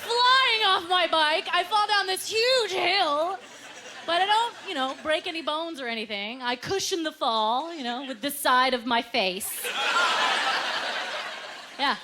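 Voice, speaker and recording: Live on a club stage with a handheld microphone, a Canadian comedian delivers her stand-up with lots of energy, laughing at her own punchlines and voicing the people she quotes. Her pitch is very high and her pace measured. Audience laughter and room noise fill the background.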